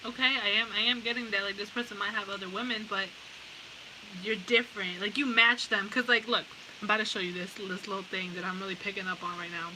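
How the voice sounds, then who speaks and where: A woman's voice: mid-range voice, fast talker. A woman giving a casual pick-a-card tarot reading. She talks bluntly, swears freely and often breaks into laughter. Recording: steady background hiss.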